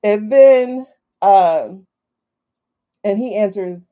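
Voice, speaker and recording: A woman's voice: mid-range voice, lively intonation, drawn-out words. A woman hosting a casual livestream from her phone, chatty and skeptical, thinking aloud with many fillers. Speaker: livestream host. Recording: dull lo-fi livestream audio.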